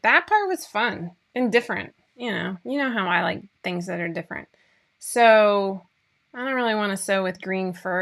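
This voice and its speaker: A woman's voice: medium pitch, a bit bright. A woman in her forties hosting a casual chat for her viewers, talking in a chatty, rambling way with frequent laughs. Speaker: host of a sewing pattern show.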